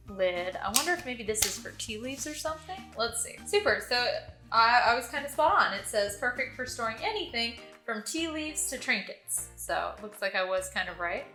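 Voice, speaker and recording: Woman, book vlogger, casual unboxing chat, fillers, bright voice, echoey room. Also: medium pitch. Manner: chatty, thinking aloud with many fillers.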